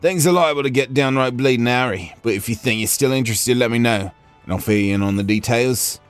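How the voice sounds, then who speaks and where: A man voicing a brash, gruff middle-aged tavern keeper in a game, with a rough, slangy attempted Cockney accent. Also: mid-range voice, fairly quick, faint music behind, natural voice. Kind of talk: reading game dialogue aloud on a stream.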